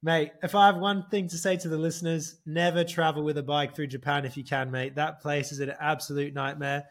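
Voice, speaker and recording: Animated man telling stories. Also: on the high side, fairly quick. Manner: animated storytelling, swears freely, says "mate" a lot. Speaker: podcast co-host. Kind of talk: casual chat.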